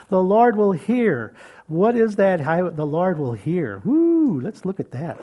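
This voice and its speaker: An older man preaching in a folksy, homey manner, with a fairly high voice. He chuckles often and drops from ringing calls to near whispers. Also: very animated, slow. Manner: swings between loud calls and soft whispers. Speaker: pastor. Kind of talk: sermon.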